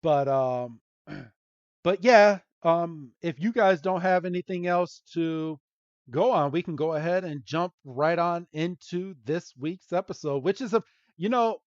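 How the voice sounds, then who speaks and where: A man's voice: on the high side, unhurried, no echo. A man hosting a podcast, recapping a cartoon episode in a loose, rambling way and chuckling often. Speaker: podcast host. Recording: dull lo-fi dry sound.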